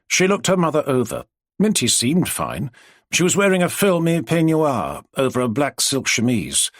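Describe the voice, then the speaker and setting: A man narrates an audiobook from a script, telling the story expressively. His voice is medium-pitched at a normal speed, recorded dry with studio quality.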